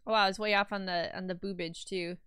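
A woman streamer chatting casually with her live chat while drawing, playful and quick to laugh and react out loud. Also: mid-range voice, fairly even intonation, smooth, dry recording.

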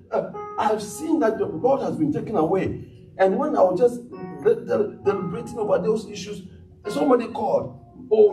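A fairly high-voiced man preaches in a church, acting out scripture scenes and punctuating them with hallelujahs. He sounds roomy and set back from the mic. A soft instrument plays faintly behind him. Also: creaky. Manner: animated preaching, retelling scripture in character voices, frequent hallelujahs. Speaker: pastor. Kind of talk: sermon. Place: church sanctuary. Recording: echoey church hall, miked from a distance.

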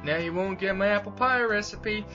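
A man's voice: high voice, moderate pace, muffled recording, over music, voice pushed up, lightly acted. A man doing a whiny giant bully dragon. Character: huge male bully dragon, sulky.

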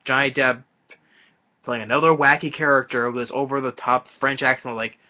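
A man giving a casual, rambling film review, halting often and restarting his sentences. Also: mid-range voice. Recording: dull lo-fi audio.

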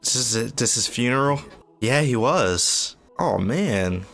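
A young man giving casual, excitable reaction commentary, often swearing and breaking into exclamations. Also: medium pitch, unhurried, creaky. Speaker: anime reaction youtuber.

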